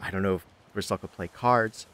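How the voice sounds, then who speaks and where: A man narrating a tabletop game as game master, halting and full of restarts. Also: low voice, fairly even intonation, a bit bright. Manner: halting, with many fillers and restarts.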